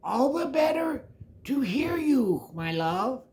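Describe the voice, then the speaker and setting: The big bad wolf from a storybook puppet show, as an older man puts him on, in a sly, coaxing falsetto meant to pass for a grandma. The lines are slow and stretched out, with lively swoops of pitch. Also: full character voice.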